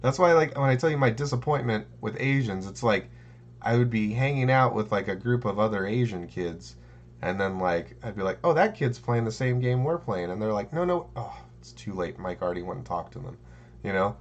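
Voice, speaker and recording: A man co-hosting a podcast in casual chat, telling stories and jumping into playful high impressions. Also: fairly quick, dull audio. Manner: storytelling, jumps into high childlike mimicry. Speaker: podcast co-host.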